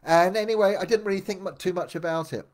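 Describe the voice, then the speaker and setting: An older man telling his memoir aloud, meandering with many restarts and dropping quieter for asides. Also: quick pace. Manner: meandering, full of restarts, drops low for asides. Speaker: memoir narrator. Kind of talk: rambling spoken memoir storytelling.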